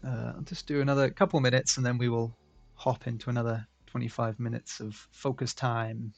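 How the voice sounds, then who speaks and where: A man's voice: medium pitch, level tone, a little fast, creaky, muffled recording, faint music behind. A man hosting a drawing stream, chatting casually and joking. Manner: chatty, joking, laughs often. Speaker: stream host.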